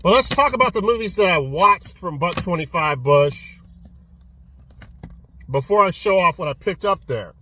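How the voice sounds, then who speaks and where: A man vlogging casually about his movie collection and fast food, rambling, repeating words and swearing as he goes. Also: sits high, pushed and bright, no room sound. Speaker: physical media collector vlogger. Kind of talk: casual vlog rant.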